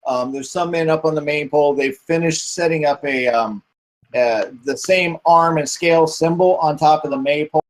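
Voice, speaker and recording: A man's voice: on the high side, normal speed, rough recording. Man running a tabletop game. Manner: hesitant, many fillers and restarts. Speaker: game master.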